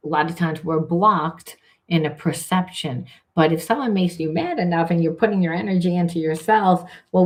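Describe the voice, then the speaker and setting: A woman's voice: on the low side, darkish tone. A woman spiritual coach giving a candid, emphatic spiritual reading, swearing freely and acting out the voices she quotes. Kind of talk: spiritual card reading monologue.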